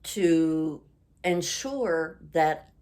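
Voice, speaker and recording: A woman's voice: low-pitched, lively intonation, drawn-out words, darkish tone. A woman in her sixties from Canada, hosting a chatty craft vlog, rambling and losing her train of thought, then ranting indignantly. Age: 60s. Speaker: craft channel host.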